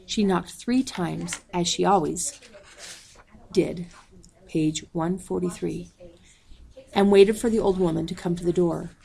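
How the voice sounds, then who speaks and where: A woman reads a storybook aloud in a low, dark voice with a gravelly edge. Her delivery is measured and unhurried, and she calls out page numbers along the way. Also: fairly even intonation. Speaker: audiobook reader.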